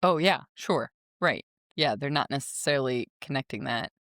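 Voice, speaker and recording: A woman's voice: extremely low pitch, animated, moderate pace, fairly bright tone, no room sound, studio quality. A woman hosting a podcast, talking in a chatty, rambling way and laughing easily. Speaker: podcast host. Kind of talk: casual interview chat.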